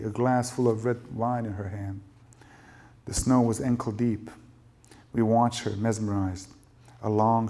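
A man's voice: on the low side, a little mellow. Man reading his fiction aloud. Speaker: novelist reading his work. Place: lecture event.

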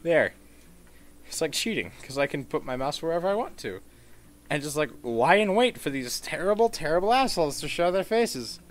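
Male gameplay commentator, fairly high voice, foul-mouthed and melodramatic, ranting. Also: animated, brisk. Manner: swearing, mock-outraged rants with sudden shouts.

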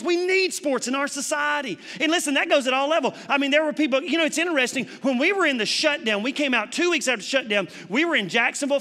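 A male pastor with a high, bright voice delivers a sermon in a church sanctuary, preaching emphatically and conversationally with rhetorical questions. The church broadcast carries a long hall reverb.

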